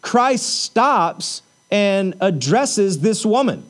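High-voiced man preaching a sermon. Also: big pitch swings, drawn-out words. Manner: conversational, with rhetorical questions and filler words. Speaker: pastor.

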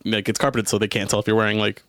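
A man's voice: lowish voice, very fast, no room sound, clean studio sound. A young man chatting casually as a podcast co-host, joking and laughing often. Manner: jokey, laughs often, animated bursts. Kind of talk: casual chat.

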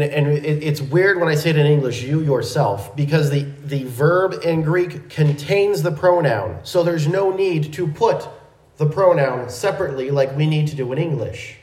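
A man teaching a verse-by-verse Bible lesson in a measured, methodical way, with small restarts. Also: fairly high pitch, a little mellow, echoey room, poor audio.

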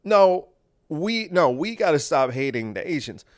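A man's voice: a little high, big pitch swings, a little slow. A man impersonating a rambling elderly male politician, stammering and trailing off mid-word. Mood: flustered.

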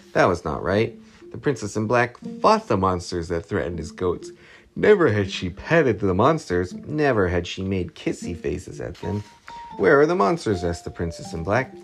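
A man reading a storybook aloud to his child, lively and expressive, with a gravelly voice. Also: fairly low pitch. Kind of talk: bedtime story read-aloud.

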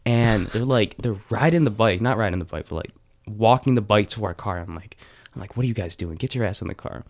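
A man's voice: fairly low pitch, brisk. Teen guy, casual chat, rambling anecdote, filler-heavy delivery. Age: teens. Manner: rambling, animated retelling with many fillers. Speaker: storyteller.

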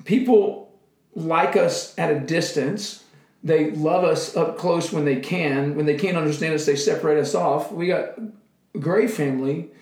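A man's voice: fairly high pitch, unhurried, a little mellow, roomy sound. A man sharing an emotional missionary testimony in casual conversation, acting out his own prayers. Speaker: missionary guest.

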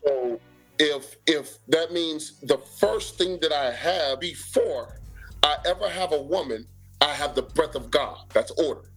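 A man with a mid-range voice and a Southern US accent talks as a podcast guest, slipping into a preaching cadence. He speaks deliberately and stresses his points by repeating them. Faint music sits low behind him. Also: a bit bright, breathy edge, rough recording. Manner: deliberate, emphatic, repeats key phrases. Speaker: apostle, church leader. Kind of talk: casual preaching in conversation.

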